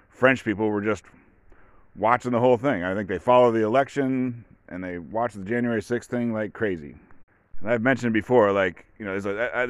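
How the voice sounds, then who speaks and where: A man with a fairly low voice talks through a solo podcast in a loose, offhand way, full of fillers. The sound is close and dry, with no room around it. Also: clear, resonant tone, no echo. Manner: rambling, offhand, with many fillers. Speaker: podcast host. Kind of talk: casual solo commentary.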